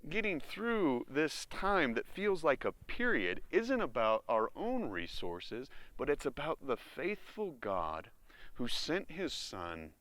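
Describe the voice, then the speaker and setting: Slow, lively American male preacher. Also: medium pitch, dry recording. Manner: expressive preaching with acted-out inner voices. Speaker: pastor. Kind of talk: sermon.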